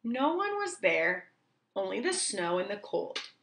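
A woman teacher reading a children's book aloud, slowly and clearly for young children. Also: mid-range voice, very animated, fairly bright tone.

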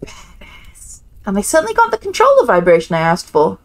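A woman hosting a casual game reaction video, chatty and excitable, laughing often. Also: medium pitch, a little fast. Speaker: gaming channel host.

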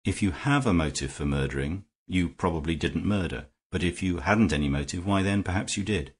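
Mild, measured gentleman detective, low husky voice, played by a male narrator. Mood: calm, mild. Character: calm, shrewd gentleman detective.

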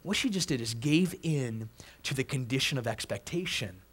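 A pastor preaching a sermon, emphatic, repeating phrases and restarting words. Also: male voice, mid-range voice, lively intonation, normal speed, fairly bright tone, slightly rough.

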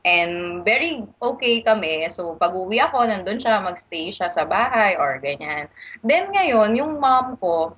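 A woman's voice: mid-range voice, big pitch swings, measured pace, a bit bright, breathy edge. Filipino woman caller on a dull line. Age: 30s. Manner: code-switches between Tagalog and English, earnest. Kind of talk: casual call-in chat.

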